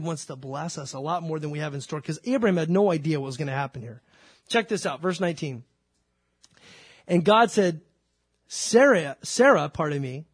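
A man's voice: a little high, husky, no room sound, studio quality. A man preaching a sermon, telling stories and acting out biblical dialogue. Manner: storytelling, acts out biblical dialogue. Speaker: pastor.

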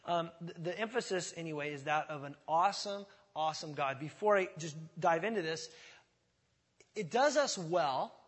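A man's voice: high-pitched, fairly bright tone, breathy edge. A man in his forties preaching a sermon as pastor, conversational and earnest, with frequent fillers and self-corrections. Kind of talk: sermon, verse-by-verse Bible teaching. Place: church sanctuary.

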